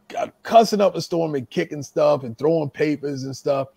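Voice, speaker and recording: A man's voice: on the high side, normal speed, gravelly, few pauses, a little mellow, breathy edge, no room sound. A middle-aged man telling a long casual story to friends, repeating words and stumbling through his sentences. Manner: rambling, repeats words, laughs while telling. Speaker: podcast host and storyteller.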